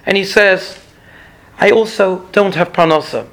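A man giving an earnest Torah lecture as a rabbi, slowing down to stress key points. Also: high-pitched, fairly bright tone.

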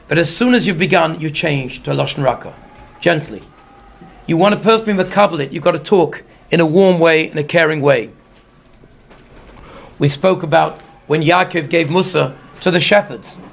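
A man giving a weekly Torah portion sermon, speaking in a measured teaching way and weaving Hebrew terms into his English. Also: fairly high pitch, creaky, slight background noise. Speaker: rabbi giving a Torah talk.

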